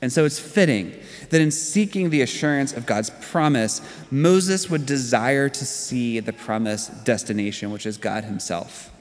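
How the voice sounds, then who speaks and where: Man in his 30s, pastor giving a sermon, conversational storyteller, mid-pitched voice, long church reverb.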